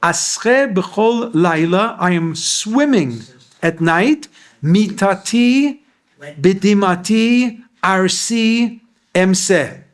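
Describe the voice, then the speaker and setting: A man's voice: high voice, animated, very slow. A rabbi giving a Torah lecture to a class. He explains Hebrew verses line by line and asks his listeners questions.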